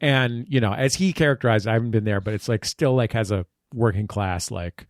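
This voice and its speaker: Animated man telling stories, dry studio. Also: fairly low pitch, dry recording. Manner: animated storyteller, quick bursts with laughs. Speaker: podcast guest. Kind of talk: casual chat. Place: studio table with the hosts.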